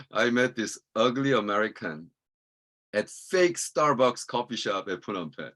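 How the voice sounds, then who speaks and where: A man's voice: mid-range voice, slow pace. A man in his sixties, originally from Korea, giving a humorous university lecture and chuckling often as he tells stories. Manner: animated, chuckles often while telling stories. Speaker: guest lecturer.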